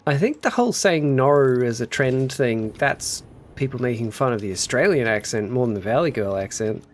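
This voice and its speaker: A man's voice: mid-range voice, expressive, normal speed. A man casually chatting on a gameplay livestream, muttering to himself while building and answering his chat. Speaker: streamer.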